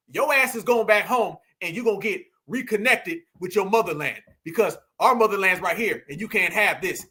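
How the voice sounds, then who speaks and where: High bright guy ranting on his channel, mocking and preachy. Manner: mocking, preachy, emphatic with asides to viewers. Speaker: commentary host. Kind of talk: heated commentary monologue.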